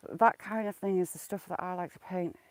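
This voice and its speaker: A woman's voice: fairly low pitch, steady tone, fairly quick, dry recording. A woman chatting casually outdoors by a lake, talking to herself and calling out fondly to the ducks as she walks. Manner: chatty, coos and calls out to the ducks. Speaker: vlogger. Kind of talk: casual walk-and-talk commentary.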